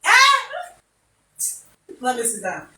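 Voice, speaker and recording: A woman's voice: mid-range voice, expressive, slow. A Nigerian woman presenting a talk show, speaking comically and mixing in pidgin as she acts out little scenes. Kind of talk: animated comic commentary. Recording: echoey room, distant mic, faint noise.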